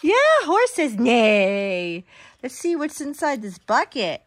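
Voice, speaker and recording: Lively, high-pitched mother reading aloud. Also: takes it slowly, dry recording. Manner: animated and sing-song, with gasps and exaggerated exclamations; makes animal sounds. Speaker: mother reading to her toddler. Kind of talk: reading a picture book aloud to a small child.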